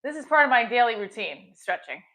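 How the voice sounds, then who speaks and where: A woman's voice: on the high side, very animated, a little fast, bright, forceful tone. A middle-aged woman hosting a casual livestream, chatting while she exercises, with small effortful grunts. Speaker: livestream host.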